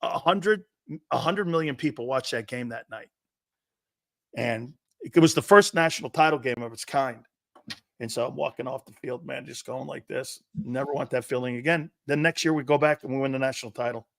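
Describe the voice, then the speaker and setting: An older man, a former college football player, co-hosting a sports talk show and telling stories with loud acted-out quotes and plenty of swearing. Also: mid-range voice, moderate pace, gravelly, no echo, studio quality. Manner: excitable, profane, acts out quotes loudly. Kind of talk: animated sports talk and storytelling.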